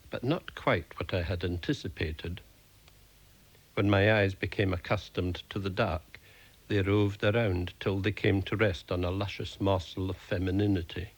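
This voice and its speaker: Male storyteller, deadpan comic reading, husky low voice with plenty of fry. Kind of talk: reading his own comic short stories.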